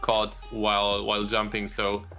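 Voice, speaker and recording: Podcast guest: man, low pitch, sharp edge, loose rambling chat, faint music underneath. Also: normal speed. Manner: relaxed, rambling with restarts. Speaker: guest, video creator.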